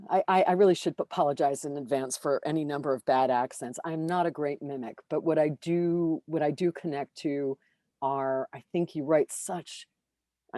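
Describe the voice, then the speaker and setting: Woman, low mellow voice, animated casual chat, many restarts. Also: dry recording. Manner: animated, self-deprecating, frequent fillers and restarts. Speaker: audiobook narrator.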